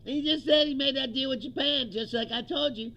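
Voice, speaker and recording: A male comedian delivers a stand-up style political rant in an extremely high, brisk voice that's pushed and bright, though the recording is muffled. He's profane and mocking, laughs often, and acts out what others said.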